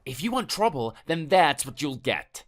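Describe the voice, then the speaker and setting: A man's voice: a little high, big pitch swings, moderate pace, faint music behind. A synthetic male voice reading a hot-tempered, threatening husband in a text-message story, defensive and contemptuous. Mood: scornful.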